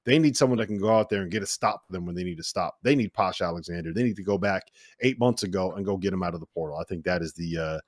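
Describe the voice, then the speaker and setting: Low-voiced podcast host, dry sound. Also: male voice, fast talker, no echo. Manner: energetic, leading the segment. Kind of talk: casual sports chat.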